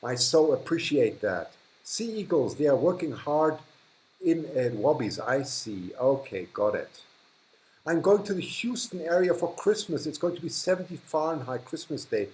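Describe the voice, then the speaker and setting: A man's voice: fairly high pitch, expressive, normal speed, darkish tone, slight background noise, low-quality recording. A man hosting a live stream from a hot, humid indoor room, chatting casually as he reads and thanks viewers, often restarting sentences and chuckling. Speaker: livestream host.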